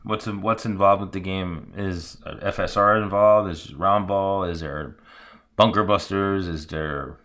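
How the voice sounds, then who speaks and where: A man hosting a casual panel chat, asking halting, rambling questions. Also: sits low, fairly even intonation, fairly bright tone. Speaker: host.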